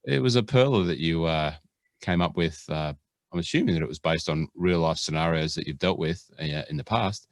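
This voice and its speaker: A man's voice: deep voice, brisk, dry recording. An Australian man hosting a podcast, chatting in a jokey, rambling way full of fillers. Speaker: podcast host. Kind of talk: casual podcast chat.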